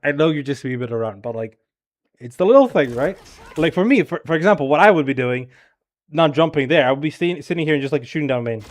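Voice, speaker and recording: A man's voice: a little high, animated. Blunt, profane man coaching a gamer. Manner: blunt, profane, exasperated critique; filler-heavy rapid talk with frequent "bro" and "right?". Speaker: game coach. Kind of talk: casual gameplay review coaching.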